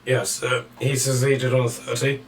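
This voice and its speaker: A man acting as dungeon master, narrating and ruling on rolls in a relaxed way, laughing often. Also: medium pitch, unhurried, a little hiss or hum. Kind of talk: running a tabletop game over voice chat.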